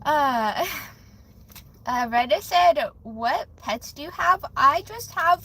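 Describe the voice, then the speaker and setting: A woman's voice: high-pitched, animated, slow, pushed and bright, slight background noise, low-quality recording. A young woman hosting a live stream, chatting casually with viewers, giggling often and restarting her sentences with lots of fillers. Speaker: livestream host.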